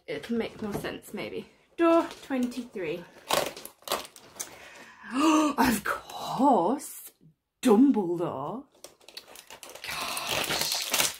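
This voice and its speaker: A woman chatting through an unboxing, her voice high and swooping with lively pitch jumps. She gushes and gasps over each find and talks at an unhurried pace. Plastic crinkling and clicks sit clearly behind her. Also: background noise. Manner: gushing, gasps often. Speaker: unboxing vlogger. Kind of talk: casual unboxing commentary.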